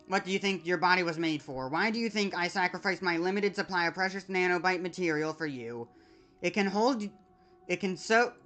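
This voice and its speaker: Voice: medium pitch, a bit bright, natural voice. A streamer voicing a desperate female android from a video game, reading the dialogue aloud and stumbling over words, with faint game music behind. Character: desperate female android pleading, then despairing.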